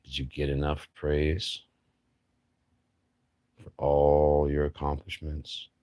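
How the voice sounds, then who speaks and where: A man's voice: extremely low pitch, completely flat delivery, slow pace, warm tone, clean tone, dry recording, clean studio sound. A man hosting a livestream, rambling through a blunt, profane philosophical monologue full of rhetorical questions and mocking asides. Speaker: livestream host.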